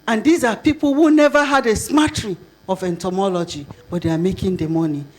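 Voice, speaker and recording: Lively older Nigerian woman lecturing. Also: medium pitch, brisk. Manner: lively, talks straight to the audience with rhetorical questions. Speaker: conference speaker. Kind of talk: plenary conference talk.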